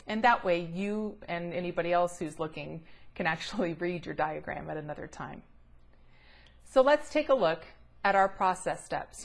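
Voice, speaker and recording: A middle-aged woman teaching a recorded grammar lesson, explaining patiently and clearly and drawing out the words she stresses. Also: on the low side.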